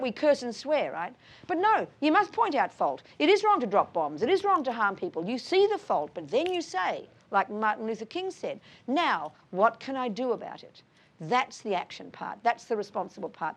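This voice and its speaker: A woman giving a lively Buddhist talk, blunt and emphatic, calling listeners darling and sweetheart and asking tag questions. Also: mid-range voice. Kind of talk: lively lecture with audience questions.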